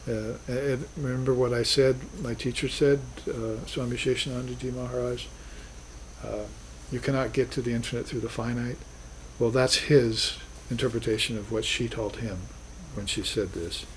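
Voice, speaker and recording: In a low-quality recording of a class lecture with slight background noise, a man teaches spiritual philosophy. His mid-range voice holds a steady tone at a moderate pace, earnest and reflective, breaking into emphatic bursts.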